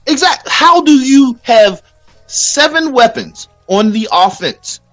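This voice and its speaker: A man with a notably high voice rants through casual sports talk, swearing freely and getting worked up. Faint music plays underneath. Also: takes it slowly. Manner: profane, ranting, animated. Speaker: podcast host.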